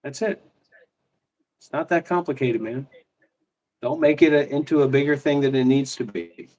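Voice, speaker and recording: A man's voice: medium pitch, normal speed, darkish tone. A man in casual livestream banter, mocking and taunting with a lot of swearing.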